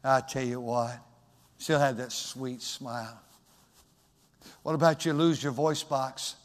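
A man preaching a sermon, moving from quiet storytelling to loud, shouted exhortation. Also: mid-range voice, fairly even intonation, takes it slowly. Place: church sanctuary. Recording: long hall reverb.

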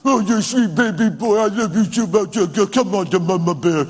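A man's voice: high voice, moderate pace, slightly rough. A man preaching who mimics a doting mother cooing sing-song baby talk at her child.

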